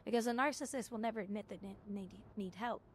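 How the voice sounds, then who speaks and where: A woman's voice: mid-range voice, quick pace, slight background noise. A woman game streamer in casual chat, spinning stories in a chatty way while she plays. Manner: chatty storytelling with restarts.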